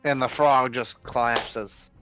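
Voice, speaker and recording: A man's voice: mid-range voice, steady tone, slow pace, fairly bright tone. A man in a mid-range voice narrates as game master for a tabletop role-playing game. He talks in a loose, rambling way, full of filler words. Faint music plays behind him.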